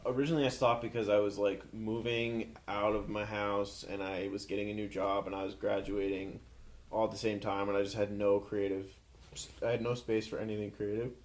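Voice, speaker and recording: A young man guesting on a casual podcast, speaking in a steady, even tone with dry humor into a handheld mic. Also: lowish voice, a little fast. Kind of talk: casual chat.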